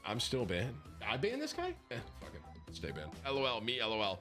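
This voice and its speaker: A man's voice: on the low side, huge pitch swings, fairly quick, hardly any pauses, fairly bright tone, soft background music. A man live-streaming a game, reading viewers' messages aloud in a mocking way.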